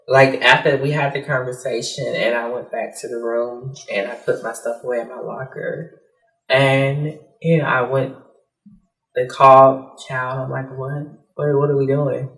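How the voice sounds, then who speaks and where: A woman giving personal testimony in a soft, hesitant way, with many fillers, acting out the lines of others as she recounts. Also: extremely low pitch, fairly even intonation, normal speed. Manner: acts out quoted dialogue. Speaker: interviewee. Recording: roomy, mic at a distance.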